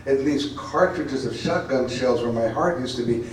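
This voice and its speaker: With a mid-range voice at normal speed, a poet at a college event rambles through informal remarks with repeated words, then turns intense and emphatic for his poem reading. The echoey recording places him far off and has a little hiss or hum.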